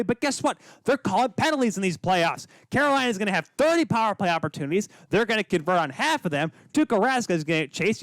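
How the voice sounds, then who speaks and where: Fired-up male podcaster with a lively high voice. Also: dry recording. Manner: heated, emphatic, rapid-fire rhetorical questions. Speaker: podcast co-host. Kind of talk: casual sports podcast rant.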